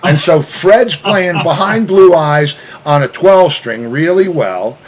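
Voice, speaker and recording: Guy telling a story, does loud voices for everybody, slightly high voice. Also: takes it slowly, a crowd in the background. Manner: animated raconteur, mimics others in loud raised voices. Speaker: guest musician. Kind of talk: casual storytelling chat.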